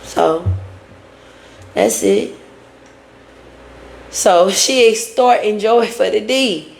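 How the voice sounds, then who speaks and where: A woman's voice: medium pitch, slow pace, gravelly. A woman giving a casual recap of a reality show, acting out what each person said and now and then breaking into song. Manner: retells scenes acting out both sides, breaks into song. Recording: echoey room.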